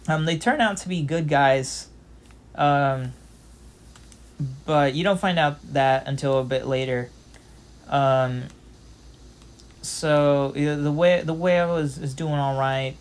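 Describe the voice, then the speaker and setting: A young man giving casual gameplay commentary, rambling with lots of fillers and the odd swear. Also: a little high. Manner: rambling, filler-heavy storytelling with frequent "um" and "like". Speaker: gameplay channel host.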